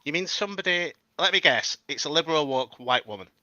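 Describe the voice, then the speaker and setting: A British man in his thirties chats as a guest, easygoing and hesitant. His voice is very bright and sharp, and it comes through slightly dull remote audio with no room sound. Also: on the high side, expressive, quick pace, no echo. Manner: easygoing, hesitant, many fillers and restarts. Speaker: guest podcaster. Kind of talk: casual chat.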